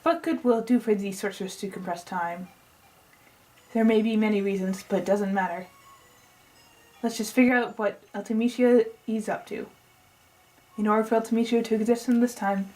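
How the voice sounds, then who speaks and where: Here a woman with a mid-range, darkish, natural voice speaks a little fast with fairly even intonation over a low-quality recording. Reading the long exposition of a pompous, eccentric male scientist explaining his plan, she sounds lecturing and keeps abandoning the accent she tries for him.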